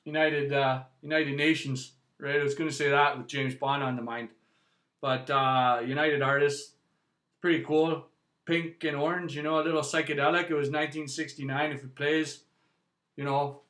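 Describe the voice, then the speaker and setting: Chatty Canadian man, bright voice. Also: fairly high pitch, echoey room. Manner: chatty, rambling, frequent "eh" and "right". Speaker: music vlog host. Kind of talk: casual vinyl review.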